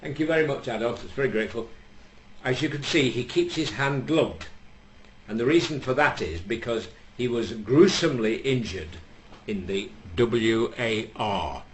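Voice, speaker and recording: English guy doing a rambling deadpan joke on stage, echoey room, bit of background hum. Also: mid-range voice, normal speed. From England. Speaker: stand-up comedian. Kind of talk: live stand-up storytelling. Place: small venue with audience. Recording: echoey room, faint ambience.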